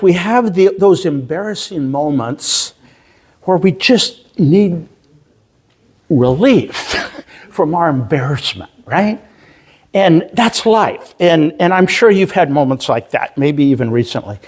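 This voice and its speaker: A male pastor preaching a sermon, telling a story slowly with halting pauses and self-deprecating humor. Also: a little high, animated. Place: church sanctuary.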